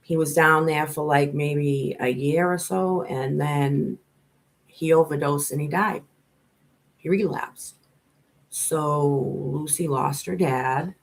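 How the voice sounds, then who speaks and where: A woman's voice: low-pitched, steady tone, slow, vocal fry. A middle-aged woman with a Boston accent, hosting a casual livestream and talking bluntly and profanely in a rambling way. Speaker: livestream host.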